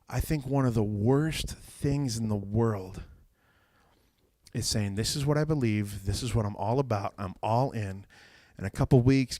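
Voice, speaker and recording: Animated youth pastor, dry sound. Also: male voice, lowish voice, no echo. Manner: animated storyteller acting out quoted voices. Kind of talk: casual sermon.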